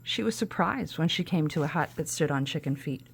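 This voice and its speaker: A woman's voice: sits low, lively intonation, fairly quick, gravelly, slight background noise. A woman podcast host reading a children's storybook aloud, with casual asides between the narration.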